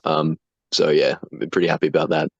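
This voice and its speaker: Deep-voiced young man, easygoing and swearing. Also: brisk, gravelly, breathy edge, no echo, lo-fi sound. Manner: laughing, relaxed, swears freely, many restarts. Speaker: guest, foreign fighter. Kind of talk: casual chat.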